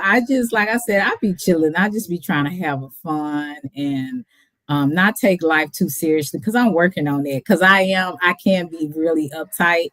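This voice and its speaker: Laid-back woman streamer, low voice. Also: a bit bright, no room sound. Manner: laid-back, chatty, laughs often. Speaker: livestream host. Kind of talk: casual livestream chat.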